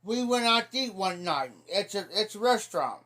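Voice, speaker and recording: A man's voice: high voice, expressive, normal speed, sharp tone. A middle-aged man from Ohio telling rambling folksy stories on a casual livestream, repeating "I said" as he goes. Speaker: livestream host. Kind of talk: casual storytelling chat.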